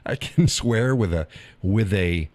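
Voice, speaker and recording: A man's voice: fairly low pitch, animated, slow, a little mellow, no echo. A man hosting a live stream, chatting casually with viewers in a folksy, drawling way and laughing often.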